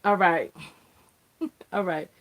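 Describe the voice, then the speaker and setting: A woman hosting a casual live stream from her RV, talking to viewers in an animated, exasperated way. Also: fairly low pitch, takes it slowly. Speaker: host.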